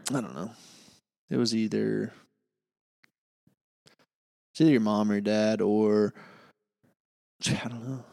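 A man's voice: lowish voice, slow pace, vocal fry, pauses often, long reverb tail. A man co-hosting a podcast in casual chat, playful and often unsure of himself. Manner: playful, unsure, lively intonation. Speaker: podcast co-host.

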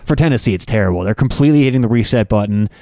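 A man's voice: on the low side, animated, very fast, dark tone, no room sound, clean studio sound. Rambling man talking college football. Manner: loose, rambling with many fillers. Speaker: co-host. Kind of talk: casual sports talk.

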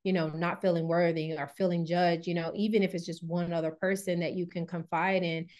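A woman wellness coach talking candidly as a podcast guest, animated and laughing often. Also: lowish voice, fairly quick. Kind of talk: conversational interview.

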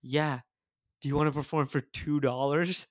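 A man from Canada, a comedian guest on a podcast, rambling excitedly and swearing often. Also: a little high, moderate pace, no echo, clean studio sound. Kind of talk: casual chat.

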